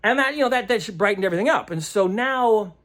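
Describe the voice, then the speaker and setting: A man's voice: high-pitched, lively intonation, quick pace, a bit bright. Man, game master type, loose rambling recap, stops to hunt for the right word, chuckles a lot. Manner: rambling, searching aloud for words; chuckles often. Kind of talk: casual vlog recap.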